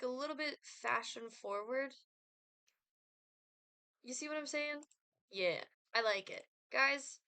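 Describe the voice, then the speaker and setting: A woman's voice: high voice, pushed and bright, clear, resonant tone, no room sound. A young woman streaming a life-sim game, chatting casually with lots of fillers and giggles. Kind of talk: casual gameplay chat.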